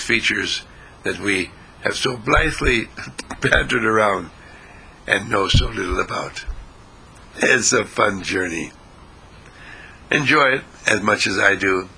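A man giving a rambling philosophical monologue, musing slowly and asking himself questions. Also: fairly low pitch, vocal fry, bright, forceful tone, a little hiss or hum, low-quality recording. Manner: musing, slow and repetitive, asks himself questions. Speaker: philosophy speaker.

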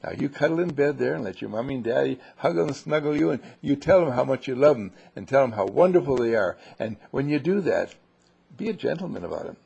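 Gravelly man telling a bedtime story. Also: mid-range voice, fast, lo-fi sound. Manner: gentle, animated, with restarts.

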